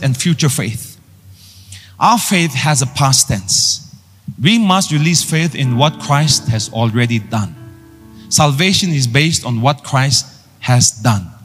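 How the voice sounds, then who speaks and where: A man's voice: on the high side, expressive, measured pace, fairly bright tone, slightly rough. A man preaching a sermon with emphatic, call-and-response delivery. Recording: long hall reverb with faint music.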